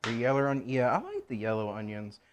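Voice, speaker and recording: Home-cook host, a man of middle pitch, chatty and self-amused, faint hiss behind. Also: wildly swooping pitch, fairly quick. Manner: rambling, joking, talks to himself while chopping. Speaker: cooking channel host. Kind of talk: casual cooking vlog chat.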